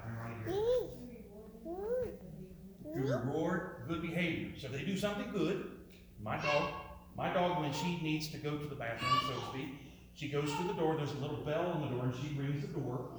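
A man's voice: on the high side, brisk. Male presenter, interactive talk, quizzes the room, echoey hall, faint hiss. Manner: asks audience questions, repeats words, jokey asides. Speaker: speaker presenting to an audience. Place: room with a live audience. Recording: roomy with faint noise.

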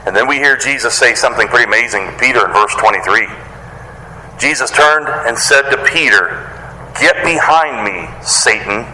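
A man preaching a sermon, animated and casual, who acts out the voices of the people he quotes in a higher pitch. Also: a little fast, reverberant, slight background noise, low-quality recording. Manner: casual wording with playful slang. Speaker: pastor.

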